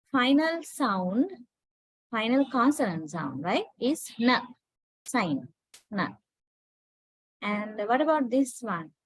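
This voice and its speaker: Slow deliberate woman teacher. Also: fairly high pitch, husky, no echo, poor audio. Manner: slow, deliberate, repeats words for pronunciation drills. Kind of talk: classroom lecture.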